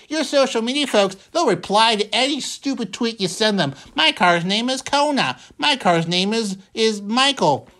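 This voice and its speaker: A man's voice: high-pitched, fairly bright tone. A male talk radio host speaking in a running monologue. He is wry and sarcastic, repeats his own lines for emphasis, and leans on folksy exclamations.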